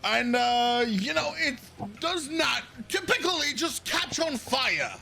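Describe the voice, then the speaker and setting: A blustering noble with a high, pinched, bright voice and a gravelly edge, shrill with indignation, as a dungeon master puts him on. He talks in circles and demands to be taken seriously in this tabletop game. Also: expressive, slow pace, heavily acted. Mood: haughty. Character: pompous, indignant male noble merchant.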